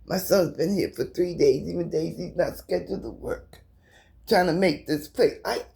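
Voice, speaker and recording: A woman's voice: lowish voice, normal speed, vocal fry, dark tone, husky. A middle-aged American woman filming in her apartment, speaking passionately to her viewers while holding back tears and stuttering. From United States. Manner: impassioned, repetitive, addresses viewers directly. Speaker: vlogger. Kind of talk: emotional personal video.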